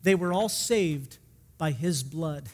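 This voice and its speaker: Male pastor preaching, high voice, lots of questions to the crowd, hall echo. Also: slow, darkish tone. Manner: emphatic, asks the congregation questions. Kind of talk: sermon.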